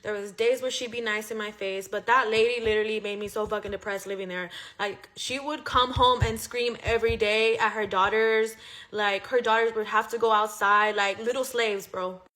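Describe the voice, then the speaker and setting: A woman's voice: medium pitch, fairly even intonation, normal speed, fairly bright tone, faint music behind. A young woman casually telling a personal story, chatty and profane, with lots of "like.". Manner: chatty, profane, heavy use of "like".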